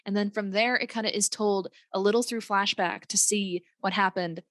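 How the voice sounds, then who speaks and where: A woman's voice: medium pitch, steady tone, moderate pace, fairly bright tone, dry recording. A woman co-hosting a podcast in casual chat, talking in a gushing, enthusiastic way. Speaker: podcast co-host.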